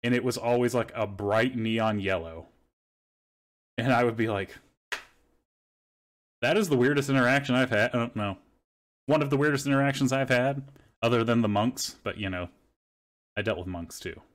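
A man's voice: medium pitch, normal speed, pauses often. A young man hosting a podcast, telling rambling stories in casual chat and swearing freely. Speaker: podcast host.

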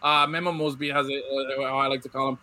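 A man co-hosting a casual sports chat, telling the story loosely with swearing and quick restarts. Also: medium pitch, little pitch movement, pushed and bright. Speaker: podcast co-host.

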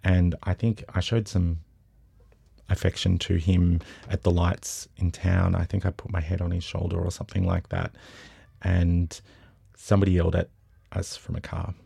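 Australian man, low pitch, gravelly, casual storytelling guest. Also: normal speed, dry recording. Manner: animated anecdotes, acts out quotes. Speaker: festival co-director, guest.

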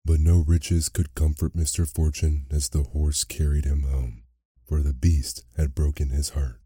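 A man narrating a bedtime story in a soft, unhurried way. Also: very deep voice, flat delivery, breathy edge, no echo, clean studio sound. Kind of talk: slow bedtime story reading.

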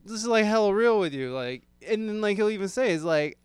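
A man with a smooth, slightly high voice, hosting a casual chat. He talks in animated bursts, swearing freely and piling up "like" fillers. He comes from the American Midwest. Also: fairly quick, no echo. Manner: animated, profane, full of "like" fillers.

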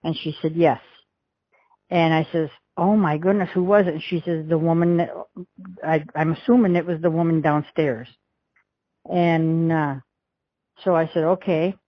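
A woman's voice: sits low, steady tone, normal speed, long pauses, no echo, dull audio. A middle-aged woman recounting a past event as an interview witness, rambling along and acting out the dialogue she quotes. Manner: rambling storyteller who acts out quoted dialogue.

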